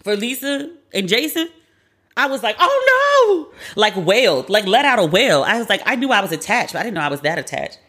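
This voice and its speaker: A woman's voice: medium pitch, animated, fairly quick, a bit bright, husky. A woman hosting a podcast alone, talking in a chatty, candid, profane way. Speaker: podcast host. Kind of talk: casual solo commentary.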